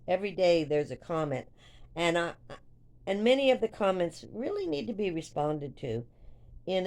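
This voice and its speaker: An older woman talks straight to her viewers in a loose, rambling vlog. Her voice sits a little low. She gets lively when she acts out the moments she retells. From United States. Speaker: vlogger. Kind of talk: casual storytelling to viewers.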